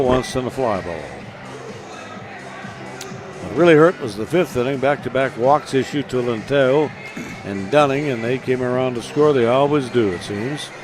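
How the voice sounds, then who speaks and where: A man calling a baseball game as play-by-play announcer, relaxed and chatty between pitches. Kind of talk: baseball radio commentary.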